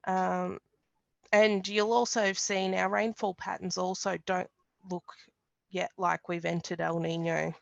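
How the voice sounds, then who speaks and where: A woman gives a webinar presentation on climate outlooks, explaining things in a measured way with ums and restarts. Her voice has a gravelly fry at the phrase ends. The call audio is dull and lo-fi but dry, with little room sound. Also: lowish voice, level tone, dry recording.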